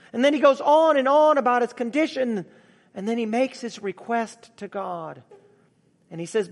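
A man's voice: very high voice, measured pace, gravelly, big-room sound. A man preaching a sermon in an earnest, emphatic way, reading scripture and speaking of grief and love. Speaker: pastor.

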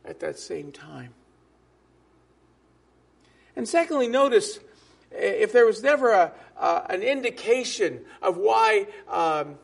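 A man preaching a sermon as a pastor, emphatic, with drops to soft asides. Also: high voice, creaky.

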